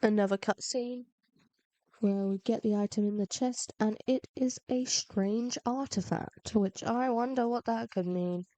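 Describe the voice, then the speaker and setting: A woman's voice: a little high, measured pace, mellow, dry recording. Woman rambling over her game, a bit sick with a cold, dry close mic, laughs at herself a lot. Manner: self-mocking and rambling. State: unwell with a cold. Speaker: gaming video narrator. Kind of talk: casual gameplay commentary.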